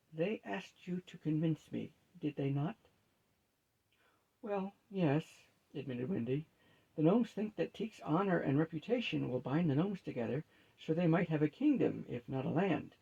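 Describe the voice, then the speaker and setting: A man reading a fantasy novel aloud at a steady, unhurried pace, lightly shifting his pitch for each character. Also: vocal fry, breathy edge, dull audio. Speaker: storyteller.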